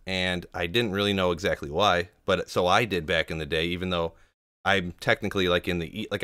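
A man's voice: sits low, a bit bright, no room sound, clean studio sound. A man in casual podcast chat, rambling and correcting himself as he recalls things. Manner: rambling, self-correcting, hedging. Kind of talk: casual chat about a video game.

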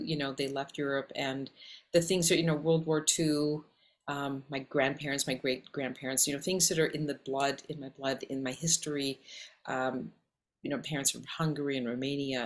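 Animated Canadian actress in conversation. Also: female voice, low voice. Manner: animated, talks in quick lists. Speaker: actress and acting coach, guest. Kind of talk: casual interview conversation.

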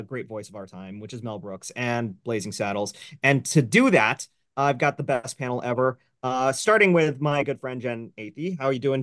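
A man's voice: medium pitch, a bit bright, no echo, clean studio sound. A man hosting a casual film review show over a video call, rambling with plenty of fillers. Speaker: host.

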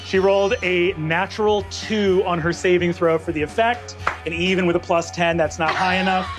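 A man narrating as game master of a tabletop game, animated and quick to laugh. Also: high voice, raised voice, music in the background. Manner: animated, lively, breaks into laughter.

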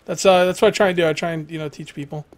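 A man's voice: a little high, fairly even intonation, very fast. A young man streaming a survival game live, rambling, joking, thanking followers and swearing at the game.

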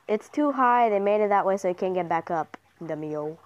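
A woman's voice: medium pitch, animated, normal speed, few pauses, dull audio. A young woman commentating her mobile game casually, cheering and trash-talking other players. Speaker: gamer commentator.

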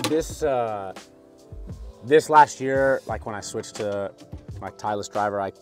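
A man's voice: on the low side, takes it slowly, soft background music. A man, a professional golfer, chatting casually on an outdoor golf course about his shots. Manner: relaxed, animated, explains his game in detail.

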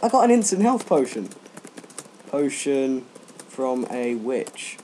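A man's voice: mid-range voice, animated, a little slow, long pauses, slight background noise. Jokey rambling teenage boy gamer. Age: teens. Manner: rambling, jokey, sudden loud yelps. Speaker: let's play gamer. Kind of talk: gaming commentary.

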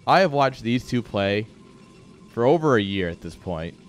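Over soft background music, a young man casts a live game at normal speed in an expressive, medium-pitched voice. He delivers energetic, joke-filled play-by-play and addresses his viewers in chat directly.

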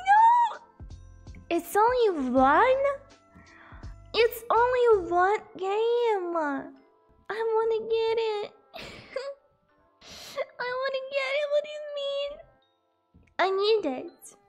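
Very high-pitched hoarse young woman streamer. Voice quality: hoarse, voice sounds broken from illness. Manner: laughs often, repeats herself, chats with viewers. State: sick, coughing. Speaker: game streamer. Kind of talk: casual live-stream chat while gaming.

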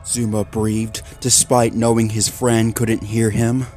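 A man reading a horror story aloud in a measured, dramatic voice-over. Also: on the low side, flat delivery, dark tone. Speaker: narrator. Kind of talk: scripted horror story narration. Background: faint background music.

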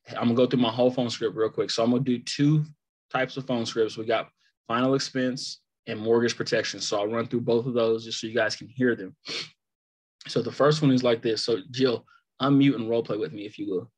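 A man's voice: mid-range voice, steady tone, fairly quick. Guy in his 30s doing a sales training on a video call, medium voice, coaching, repeats stuff for emphasis. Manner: coaching, repetitive emphasis, demonstrating lines. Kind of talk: live phone sales training.

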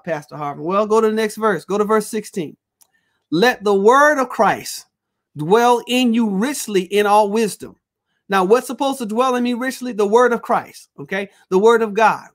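A man's voice: high-pitched, fairly bright tone. A male pastor teaching a Bible study, preaching with call-and-response phrases and reading scripture aloud.

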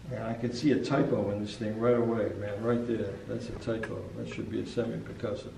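A man's voice: on the low side, steady tone, a little fast, creaky, a little mellow, a little hiss or hum. A man, a saxophonist, explaining jazz articulation in casual chat, often repeating words as he goes. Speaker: saxophonist and teacher. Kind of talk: casual music lesson chat. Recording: roomy, distant from the mic.

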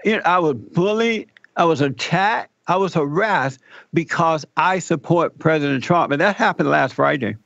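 A man telling a personal story in an interview, animated and acting out the people he quotes. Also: on the high side, normal speed, vocal fry, no room sound, lo-fi sound. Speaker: guest telling his story.

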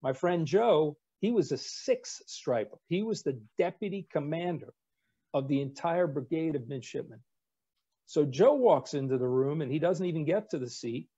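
A man in his sixties, a retired navy captain, telling anecdotes in a wry, relaxed way with casual fillers. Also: fairly high pitch, moderate pace, husky, highs cut off. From United States. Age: 60s. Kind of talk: anecdotal storytelling talk.

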